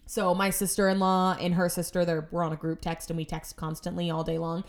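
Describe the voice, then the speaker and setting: A woman's voice: fairly low pitch, monotone, brisk. A woman telling stories about her home life in a casual monologue, chatty and exasperated, with sarcastic asides.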